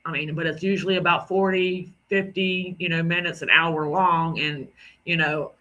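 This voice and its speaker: A man's voice: fairly high pitch, flat delivery, normal speed, bright, forceful tone. A man talking casually to his viewers, rambling with restarts and self-corrections. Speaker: video creator. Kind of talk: casual direct-to-camera talk.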